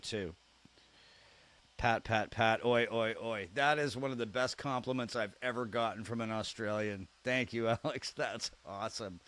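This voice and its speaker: A man's voice: mid-range voice, a bit bright. A man hosting a live stream, chatting casually and reading viewer comments aloud in a friendly, joking way. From Canada.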